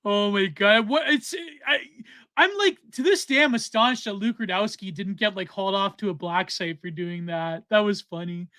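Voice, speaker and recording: A man's voice: high voice, normal speed, bright, forceful tone, dry recording. A man from Canada hosting a podcast, reading donations and chatting in a rambling, trailing way. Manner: rambling, filler-heavy, trailing off. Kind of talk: casual chat.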